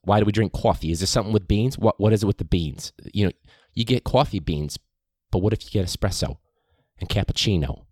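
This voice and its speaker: A man's voice: lowish voice, brisk, no room sound, studio quality, close to an everyday voice. A man imitating a rambling woman professor with a heavy Brooklyn accent, lecturing on and on.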